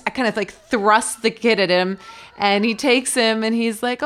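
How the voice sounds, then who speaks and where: A woman's voice: mid-range voice, brisk. A woman pastor in her thirties, sharing reflections and personal stories in an earnest, storytelling way. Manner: earnest, storytelling, animated quotes. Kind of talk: reflective faith chat.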